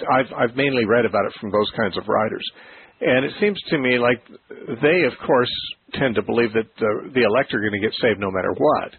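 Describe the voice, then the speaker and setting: A man hosting a call-in Bible radio show, explaining ideas slowly and thoughtfully with frequent restarts. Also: mid-range voice, gravelly, slightly rough. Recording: phone-like narrow radio sound.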